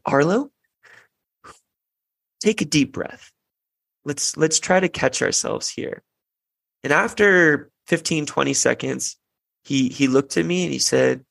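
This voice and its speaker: A man's voice: medium pitch, vocal fry, fairly bright tone, no room sound. A young man hosting a parenting podcast, talking earnestly in a reflective casual monologue, with frequent restarts and fillers. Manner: earnest, many restarts and "you know" fillers.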